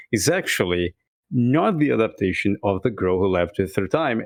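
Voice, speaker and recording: A man co-hosting a podcast and laying out background facts in a loose, chatty way. His voice sits fairly low, he chuckles as he talks and stumbles over a word here and there. The sound is dry and close to the mic. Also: no room sound. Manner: relaxed, chuckling, trips over words. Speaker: podcast co-host. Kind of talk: casual podcast chat, explaining background facts.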